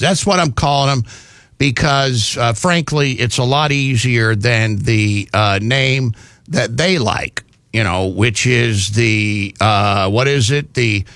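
A man's voice: medium pitch, fairly bright tone, no echo, clean studio sound. A man hosting a talk radio show, rambling in a folksy way with frequent fillers and restarts.

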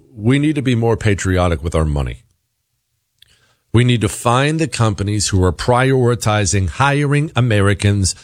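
A man's voice: on the low side, no echo, studio quality. A man hosting a talk radio show, firing off rhetorical questions in an emphatic, combative monologue and reading ads. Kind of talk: opinionated talk radio monologue and host-read ad.

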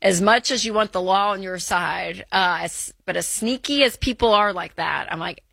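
A woman's voice: mid-range voice, moderate pace, creaky, fairly bright tone, no echo. A woman co-hosting a call-in advice show, chatty and reassuring, with plenty of fillers. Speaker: radio call-in show co-host. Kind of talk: casual advice chat.

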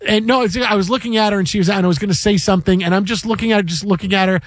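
A male sports talk host with a fairly high voice, telling stories with animated energy. His sound is close and dry, with no room around it. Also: rapid-fire, dry recording. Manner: animated storyteller, acts out quotes.

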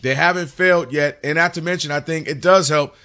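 A man's voice: fairly high pitch, a little fast. A man co-hosting a sports talk radio show, talking energetically and taking calls in a studio. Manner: energetic, runs the phone lines.

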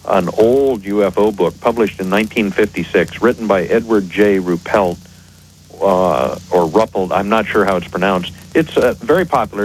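Measured low-voiced man explaining on radio. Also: slight background noise, low-quality recording. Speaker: guest expert on a radio show.

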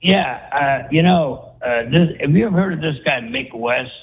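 A man's voice: a little high, lively intonation, normal speed, breathy edge. A man calling in from California to a talk show, talking in an emphatic, scornful way. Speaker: caller. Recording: tinny phone line.

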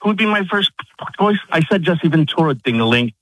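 A man's voice: on the high side, animated, a little fast, no room sound, rough recording. A man calling into a radio talk show, defensive, irritated and sarcastic. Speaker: caller. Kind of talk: call-in radio conversation.

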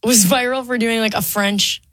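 A woman's voice: on the high side, fairly even intonation, moderate pace, fairly bright tone, no echo. A young woman, a singer-songwriter guest, talking chattily with lots of "like" fillers. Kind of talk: casual interview chat.

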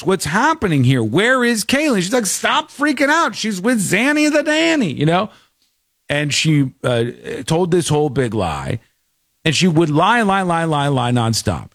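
A man's voice: medium pitch, dry recording, studio quality. A man hosting a casual talk show, telling stories animatedly and acting out the people he quotes. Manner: animated storyteller, acts out quotes. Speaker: podcast host. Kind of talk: casual chat.

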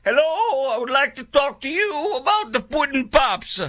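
A man putting on a deliberately bad impression of a famous older male comedian, in a high, halting, exaggerated sing-song voice. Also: big pitch swings, pushed and bright, full character voice. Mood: goofy.

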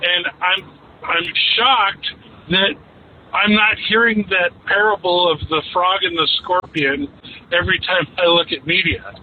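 Male radio caller, high voice, halting, thin phone sound with faint background noise. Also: steady tone, phone-quality sound. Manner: hesitant, earnest.

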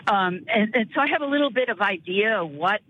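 An older caller who grew up near Chicago, speaking in a halting way with repeated words. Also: medium pitch, lively intonation, highs cut off, a little hiss or hum. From northern Chicago area. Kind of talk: call-in chat.

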